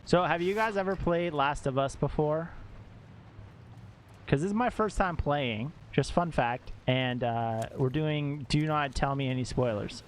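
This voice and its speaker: A man live-streaming a game and chatting casually with viewers, excitable, laughing often and swearing when surprised. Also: fairly high pitch, a little slow, slight background noise. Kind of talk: casual gameplay commentary to chat. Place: at home.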